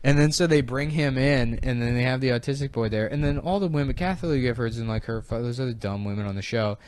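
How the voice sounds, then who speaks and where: A man's voice: mid-range voice, fast talker, darkish tone, no room sound. A man co-hosting a comedy podcast, riffing crudely in casual chat and slipping into mocking voices. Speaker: podcast co-host.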